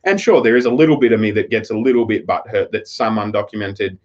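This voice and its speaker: A man's voice: lowish voice, quick pace. A man with an Australian accent chatting on a live stream, telling a rambling, profane story. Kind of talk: casual live-stream chat. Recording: slightly dull lo-fi audio.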